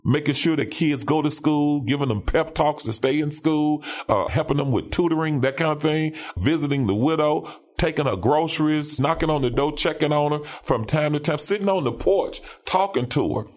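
A man's voice: a little high, normal speed, darkish tone. A man, a pastor and police officer, talking in an emphatic preaching cadence, repeating phrases and checking in with "all right?". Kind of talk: conversational commentary with preaching cadence.

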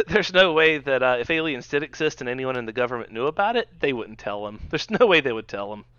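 A man's voice: mid-range voice, expressive, fast, fairly bright tone, clean tone, no room sound, highs cut off. A man co-hosting a podcast in casual political chat, ranting bluntly and sarcastically. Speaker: podcast co-host.

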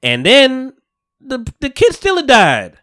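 A man's voice: very high-pitched, takes it slowly. A man hosting a podcast, casually recapping a TV episode with lots of laughter and acted-out lines. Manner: animated storytelling, acts out characters, laughs a lot. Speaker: podcast host.

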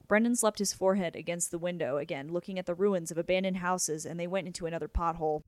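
A young woman hosting a podcast, reading a book chapter aloud in a casual, steady way. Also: fairly low pitch, fast talker, few pauses, no room sound. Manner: casual, chatty intro then steady reading.

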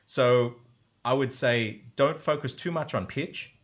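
A man's voice: mid-range voice, takes it slowly. A man teaching language sounds in a conversational, enthusiastic way, often voicing sample syllables to demonstrate. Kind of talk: conversational explanation.

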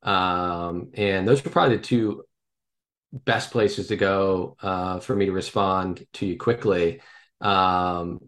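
A man being interviewed on a podcast, talking thoughtfully with many fillers and pauses. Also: low voice, fairly even intonation, a bit bright. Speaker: podcast guest. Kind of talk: casual interview.

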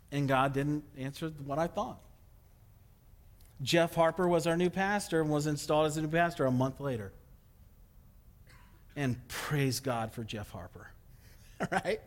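A male pastor preaching a sermon, animated and telling his own story, acting out his own pleas. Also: sits high.

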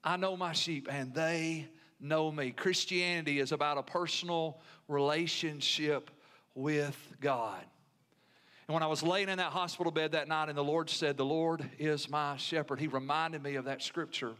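Man, Southern US accent, pastor, sermon, high voice, bright tone, emphatic repeated lines. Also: steady tone, normal speed. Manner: call-and-response preaching, emphatic repetition.

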